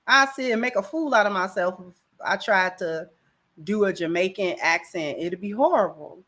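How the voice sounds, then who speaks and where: A woman's voice: medium pitch, normal speed, fairly bright tone. Slangy woman chatting on a livestream. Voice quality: slangy, rambling, conversational. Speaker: livestream host. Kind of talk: casual livestream chat. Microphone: camera.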